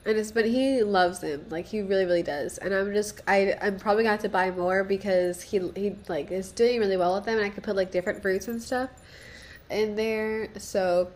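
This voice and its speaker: A woman's voice: medium pitch, steady tone, fairly quick. A young woman hosting a casual solo podcast, rambling and profane, self-deprecating, with nervous laughs. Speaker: podcast host.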